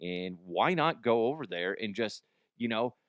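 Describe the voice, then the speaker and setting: Male radio host, loose and profane, lively pitch, close dry studio mic. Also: a little slow, dry recording. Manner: loose, profane, jokey, animated outbursts. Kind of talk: casual comedic talk and host-read ad.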